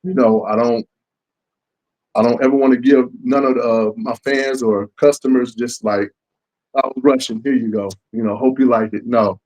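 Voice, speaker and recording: A man's voice: mid-range voice, normal speed, poor audio. A man, a comic book creator talking in a casual interview and acting out what fans say to him. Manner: animated, acts out fans' lines.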